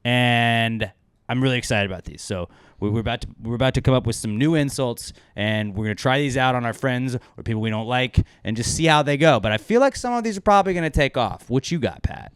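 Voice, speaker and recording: A man hosting a casual podcast, cursing freely and getting loud as he acts out insults. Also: mid-range voice, fast talker, smooth, no echo. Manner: profane, animated, swings loud when acting out insults. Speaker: podcast host.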